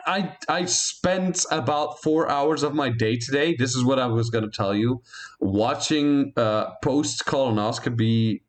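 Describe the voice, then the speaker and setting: A man hosting a podcast in casual chat, joking and animated, from Belgium. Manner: animated, jokey, often jumps up in pitch. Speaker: podcast host.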